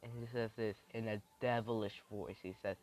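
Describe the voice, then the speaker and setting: A man improvising a fan-fiction story aloud, rambling and thinking out loud as he goes. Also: on the low side, steady tone, normal speed, low-quality recording.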